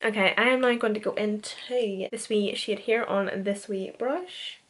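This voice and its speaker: A woman's voice: mid-range voice, steady tone, a little slow. A young woman from Northern Ireland with a Northern Irish accent, talking casually through a makeup tutorial in a chatty, self-deprecating way. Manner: chatty, self-deprecating, says "wee" a lot. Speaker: beauty vlogger.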